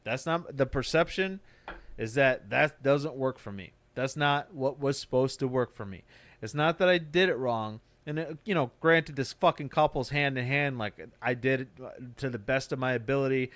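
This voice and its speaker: A man's voice: medium pitch, moderate pace, fairly bright tone, no room sound. A man who does stand-up, hosting a podcast and ranting in a casual, profane, motivational way. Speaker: podcast host; stand-up comic. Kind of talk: casual chat.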